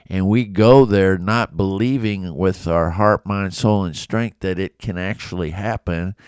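A man's voice: low voice, a little mellow, smooth, no room sound, clean studio sound. A man giving a casual, conversational Bible lesson, acting out the people in the story. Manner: conversational, acts out quoted voices. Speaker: Bible teacher.

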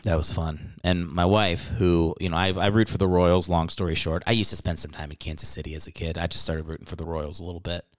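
A man's voice: low-pitched, level tone, fast, few pauses. A man hosting a podcast, ranting about sports in a casual comedic way. He swears freely and laughs often. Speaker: podcast host.

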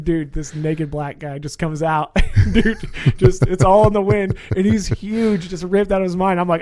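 A man's voice: fairly high pitch, quick pace, few pauses, dry recording. A man, a police officer, telling stories in casual chat and acting out the people in them. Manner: animated storyteller acting out quotes.

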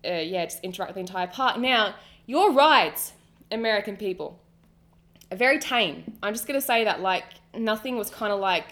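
A woman's voice: mid-range voice, animated, normal speed, fairly bright tone. Chatty Australian woman podcast host. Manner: enthusiastic, chatty storyteller. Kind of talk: casual chat.

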